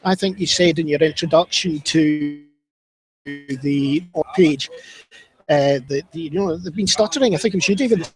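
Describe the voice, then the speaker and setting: A man's voice: a little high, moderate pace, rough recording. A Scottish man presenting a pre-match football show at a stadium, chatty and jokey, sometimes tripping over his words. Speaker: club media presenter.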